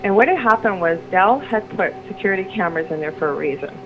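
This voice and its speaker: Over music, a middle-aged woman with a medium-pitched voice talks fast while telling a personal story as a radio guest. Rambling and restarting sentences, she gets animated when quoting others. The recording is lo-fi and carries noticeable background noise.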